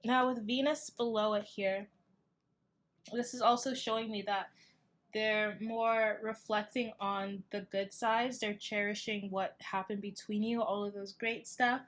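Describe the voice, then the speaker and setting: A young woman giving a casual tarot reading, chatty and loose, with many fillers and asides, sounding tired. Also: medium pitch. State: tired, yawning. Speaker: tarot reader.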